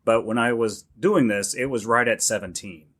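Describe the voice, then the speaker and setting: A man's voice: mid-range voice, moderate pace, a bit bright. A man co-hosting a podcast, chatting in an easygoing, agreeable way. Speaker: podcast co-host. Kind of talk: casual chat.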